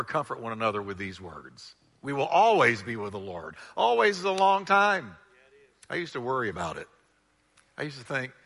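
A male pastor preaching a sermon with animated delivery, drawing the congregation into call-and-response. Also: medium pitch, in a large hall.

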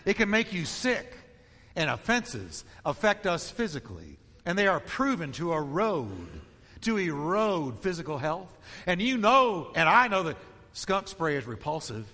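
High, bright-voiced male preacher. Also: sing-song, measured pace, in a large hall. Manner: emphatic, rhythmic preaching with repeated phrases. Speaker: pastor. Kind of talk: sermon.

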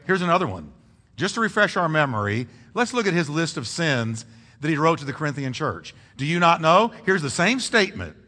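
Animated man preaching in a church hall. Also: fairly high pitch. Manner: animated call-and-response preaching. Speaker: pastor. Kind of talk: sermon. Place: church sanctuary.

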